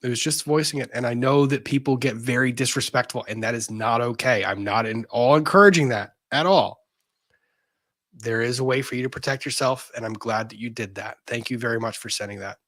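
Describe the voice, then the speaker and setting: A man's voice: mid-range voice, brisk, fairly bright tone. Guy on a livestream, chatty, reads out the chat, middling voice. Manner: chatty, reads viewer messages aloud. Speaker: livestream host reading super chats.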